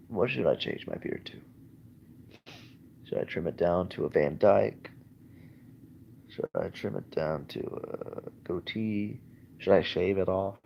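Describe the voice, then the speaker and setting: A man with a very low voice rambles from his bed in a casual livestream, halting, restarting and self-deprecating. The recording is dull and lo-fi, with a faint hiss beneath it. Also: expressive, vocal fry. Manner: hesitant, halting, lots of fillers and restarts. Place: in bed at home.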